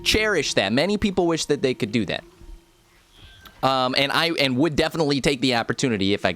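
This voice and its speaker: A man's voice: a little high, fairly bright tone. A young man livestreaming a video game, giving casual, jokey commentary with big exclamations.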